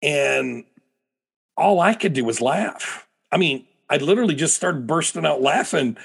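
A man's voice: fairly high pitch, lively intonation, measured pace, creaky, fairly bright tone, husky. A middle-aged American man, a preacher and guest, telling stories animatedly in a podcast interview with frequent restarts. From United States.

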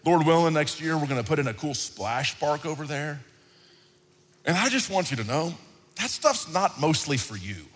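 A man preaching a sermon in a conversational, animated style, often repeating himself. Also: a little high, moderate pace. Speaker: pastor. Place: large hall, church service. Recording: reverberant hall with faint music.

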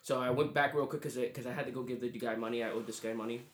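A man co-hosting a casual podcast, excitable and quick to laugh and exclaim. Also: mid-range voice. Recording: echoey room.

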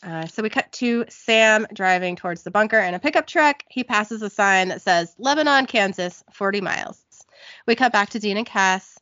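Woman, podcast host, animated storytelling, giggly, dry slightly muffled sound. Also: mid-range voice, normal speed, no room sound. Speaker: podcast host recapping a TV episode. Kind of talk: casual recap chat.

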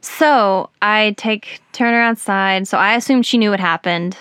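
A woman hosting a podcast, telling a personal story in casual chat, animated and giggly with lots of fillers. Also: mid-range voice, measured pace, clean tone, no echo, clean studio sound. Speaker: podcast host.

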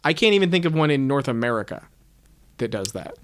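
A man's voice: medium pitch, sing-song, brisk. A man co-hosting a casual book-discussion chat, talking in a thoughtful, self-questioning way. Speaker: podcast co-host.

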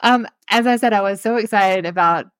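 A woman's voice: mid-range voice, brisk, no room sound, studio quality. A young woman hosting a podcast interview, eager and chatty, with fillers and little laughs. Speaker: podcast host. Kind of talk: casual chat interview.

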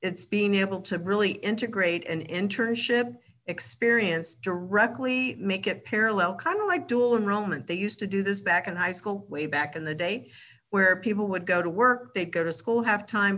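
A woman's voice: mid-range voice, normal speed, fairly bright tone. A woman hosting a podcast discussion, sharing her predictions in a conversational, think-aloud way. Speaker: podcast host.

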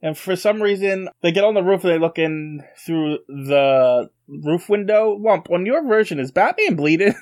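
A man talks casually as a podcast co-host, walking through a story with frequent stops and restarts. His voice sits a little on the high side. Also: animated, darkish tone. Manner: recaps the plot haltingly with restarts. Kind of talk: casual chat.

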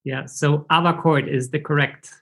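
A man's voice: fairly high pitch, level tone, moderate pace, a bit bright. A man guest on a video call, friendly and informal, with many fillers. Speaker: guest, category director.

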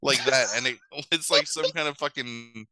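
A man's voice: mid-range voice, fairly even intonation, normal speed, bright, forceful tone, no echo, poor audio. A man casually retelling a movie plot, swearing and acting out the characters' lines in mock voices. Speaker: podcast host recapping a movie. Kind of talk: casual chat.

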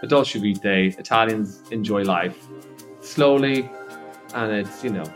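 A man's voice: fairly low pitch, a little slow, soft background music. A young Irish man co-hosting a casual travel podcast, chatty and teasing, laughing often. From Ireland. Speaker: podcast co-host. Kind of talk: casual chat.

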